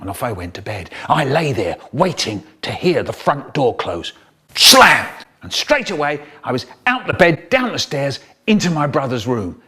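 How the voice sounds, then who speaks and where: Older british guy telling a funny story, pitch bouncing all over, does silly voices. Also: moderate pace, few pauses, husky. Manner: animated, voices children and mum in high pitch; low droning chant for the brother. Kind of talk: comic storytelling, remixed.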